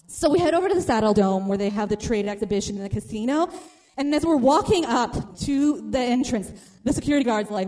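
A woman telling a funny personal story to a live audience, animated and acting out the people in it. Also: fairly high pitch, fast.

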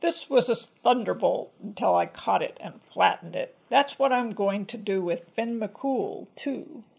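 Storybook giant: bullying glutton, bellowing, as a woman reads him, gravelly grain. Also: mid-range voice, expressive, measured pace, darkish tone, heavily acted, low-quality recording. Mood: blustering. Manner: bellowing, blustering. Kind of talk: storybook reading.

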